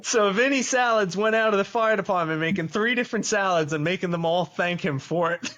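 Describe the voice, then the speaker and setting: A man with a high-sitting voice speaks at a moderate pace on a dry, dull-sounding recording. Hosting a podcast, he animatedly tells a casual personal story, laughing often and performing quoted voices.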